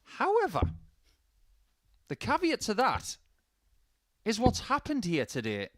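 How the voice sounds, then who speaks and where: A man's voice: high voice, huge pitch swings, slow pace, a bit bright, slight background noise. A man doing live darts commentary, chatty and anecdotal, with jokey asides between throws.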